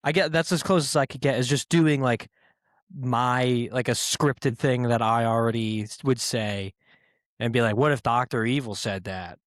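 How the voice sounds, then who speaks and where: A man hosting his own podcast, rambling casually with profanity and self-mocking asides, speaking in quick bursts. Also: mid-range voice, fairly even intonation, dry recording, clean studio sound. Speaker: podcast host.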